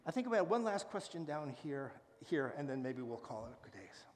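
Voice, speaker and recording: A man giving a public talk and answering audience questions, speaking with lively enthusiasm and frequent fillers. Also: fairly high pitch, normal speed, long reverb tail, a little hiss or hum. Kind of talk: public lecture and Q&A. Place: lecture hall with live audience.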